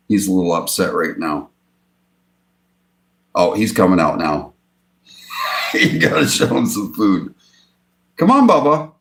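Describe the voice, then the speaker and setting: A man hosting a casual livestream from his home beside a fish tank. He chuckles often and coos at his pet fish in sudden high bursts. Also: a bit bright. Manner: chuckles often between remarks. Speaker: fishing channel host.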